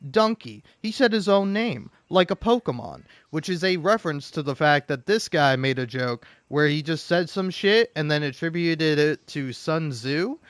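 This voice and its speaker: Slightly high-voiced and talking at normal speed with hardly any pauses, a young man reads comments aloud during a game. His rant has no echo and is profane, animated, and full of rambling restarts.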